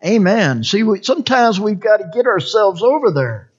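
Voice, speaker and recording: A preacher delivering a sermon, repeating scripture phrase by phrase and swinging from hushed whispers to loud cries. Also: mid-range voice, big pitch swings, moderate pace, slightly rough, dull audio. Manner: dramatic swings between whispers and shouts.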